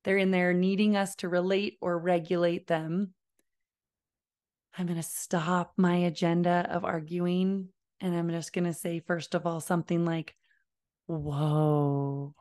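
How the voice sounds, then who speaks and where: A woman giving a parenting lesson, talking in a calm, deliberate way and modeling slow, low phrases. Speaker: parenting educator. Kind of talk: instructional talk to camera.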